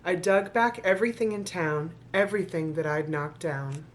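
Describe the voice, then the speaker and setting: A woman's voice: on the low side, moderate pace, slight background noise. A woman reads a children's book aloud in rhyme, breaking off often for sarcastic, playful comments to her viewers. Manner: sarcastic, playful commentary between read lines. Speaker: vlogger reading a children's book. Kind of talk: reading aloud with joking asides.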